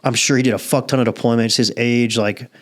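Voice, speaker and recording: A man hosts a casual podcast, spinning a story in rough, profane language with frequent laughs. His voice sits at an ordinary middle pitch. He talks loosely and unscripted. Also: fairly even intonation, a little fast. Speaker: podcast host. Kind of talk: casual chat.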